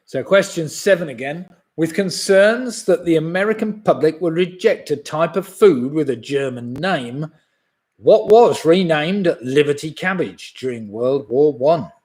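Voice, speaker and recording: A man's voice: on the high side, expressive, unhurried, a little mellow. Chuckling man in his sixties hosting a quiz. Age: 60s. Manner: reads each question twice, chuckles at his own jokes. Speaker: pub quiz host. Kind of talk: live online pub quiz.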